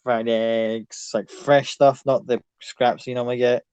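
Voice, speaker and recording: A man's voice: mid-range voice, level tone, a little slow, darkish tone, clear, resonant tone, no echo. Casual man narrating a tabletop game. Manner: casual, rambling. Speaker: game master.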